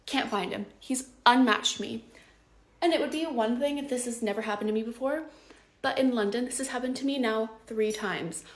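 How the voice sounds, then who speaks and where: A woman's voice: a little high, normal speed. Exasperated young woman ranting, swearing. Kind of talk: casual selfie vlog rant.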